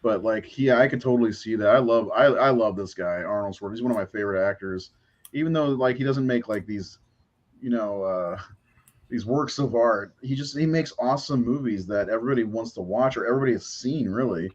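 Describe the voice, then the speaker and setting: A man's voice: medium pitch, fairly quick. Enthusiastic man on a dull-sounding mic. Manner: enthusiastic with frequent fillers and swearing. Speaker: podcast co-host. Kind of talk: casual podcast chat.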